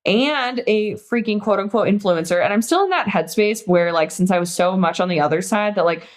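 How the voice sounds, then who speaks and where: Young woman rambling on a podcast, giggly, lots of "like", jumps way up high to act out quotes. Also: a little fast. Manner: rambling, giggly, upspeak-heavy, acts out quotes in high silly voices. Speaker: podcast co-host. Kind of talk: casual chat.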